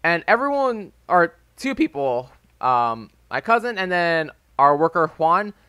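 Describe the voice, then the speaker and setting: A man's voice: a little high, sing-song, a little slow, bright, forceful tone, clean tone, no echo, clean studio sound. A man in his early twenties telling a loose, rambling story over gameplay, full of "like" and "um". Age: early 20s. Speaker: gaming YouTuber. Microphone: desk microphone with a phone as backup.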